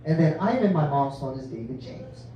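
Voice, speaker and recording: A man's voice: on the high side, lively intonation, normal speed, lo-fi sound, slight background noise. A man doing a stand-up set, rambling and profane, often laughing at his own jokes. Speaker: stand-up comedian. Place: comedy club stage. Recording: echoey club from far off.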